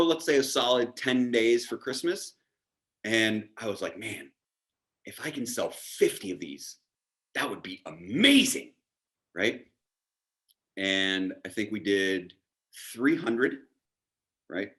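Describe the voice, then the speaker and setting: A man telling a story as a podcast guest, animated and self-deprecating. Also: on the low side. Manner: animated, self-deprecating, acts out quoted dialogue. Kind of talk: casual storytelling.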